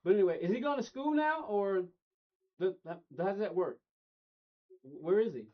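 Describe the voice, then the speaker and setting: A man's voice: sits high, very animated, normal speed. A middle-aged man streaming a racing game, rambling casually and talking straight to his chat. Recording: dull lo-fi stream audio.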